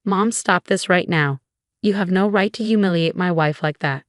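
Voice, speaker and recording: A woman's voice: lowish voice, normal speed, dry recording, clean studio sound, close to an everyday voice. A woman reading an angry grown son. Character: angry grown son defending his wife.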